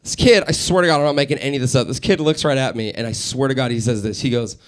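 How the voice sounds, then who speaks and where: Speaking fast at a medium pitch, a young man who hosts radio performs stand-up live in a studio with a small crowd. He tells stories with lots of animation and laughter, playing the people in them.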